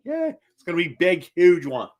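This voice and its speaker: A man hosting a casual live stream, reading chat comments aloud and answering them in an animated, chatty way with frequent restarts. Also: sits high, moderate pace. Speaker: livestream host reading chat.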